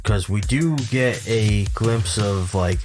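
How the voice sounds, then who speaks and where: A man co-hosting a podcast, chatting about a film in a quick, rambling way with restarts. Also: lowish voice, music in the background. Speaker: podcast co-host. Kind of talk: casual chat.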